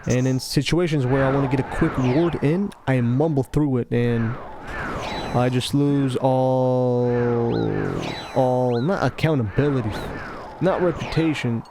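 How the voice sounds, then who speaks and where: A man giving casual, rambling commentary over gameplay, talking slowly with a laid-back, self-interrupting, somewhat mumbled delivery. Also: mid-range voice, steady tone, background noise. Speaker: gaming commentator.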